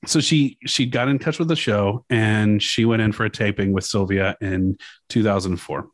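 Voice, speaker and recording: A young man hosting a podcast, casually chatting and reading news quotes aloud, swearing and pausing with fillers. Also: on the low side, no echo. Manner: casual, profane, halting with fillers. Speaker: podcast host.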